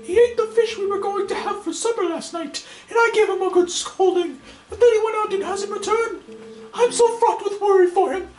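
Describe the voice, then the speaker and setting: A man's voice: very high-pitched, normal speed, a little mellow, roomy sound, soft background music, voice pushed up, poor audio. A man voicing a fretful, doting female village shopkeeper in a breathless, fussing way.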